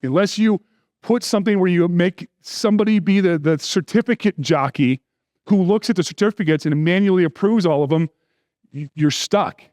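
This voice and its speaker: High-voiced man giving a joking conference talk. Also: normal speed, a little mellow, dry recording, studio quality. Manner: conversational with joking asides. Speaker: security conference speaker.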